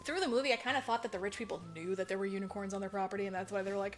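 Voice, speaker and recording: A woman's voice: medium pitch, very fast, hardly any pauses. A woman podcast co-host recapping a movie in casual chat, swearing freely and mimicking the characters as she goes. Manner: animated, profane storytelling, mimics characters.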